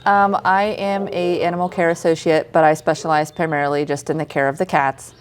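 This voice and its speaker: A woman's voice: low-pitched, little pitch movement, a little fast, a little hiss or hum. A woman working as an animal care associate at a shelter, answering interview questions in a light, modest way. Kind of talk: casual interview.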